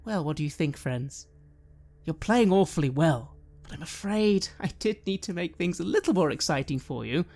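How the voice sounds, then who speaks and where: A man's voice: a little high, animated, moderate pace, a little mellow. A man voicing a mocking male villain who gloats and taunts. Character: mocking male villain impersonating a party member.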